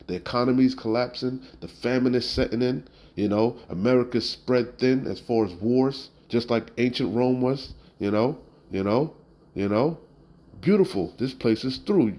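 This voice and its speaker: Male preacher, mid-pitched, blunt and emphatic, reads verses then riffs with "you know?" asides. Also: darkish tone, poor audio. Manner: blunt and emphatic, occasional profanity. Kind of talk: street-style scripture teaching.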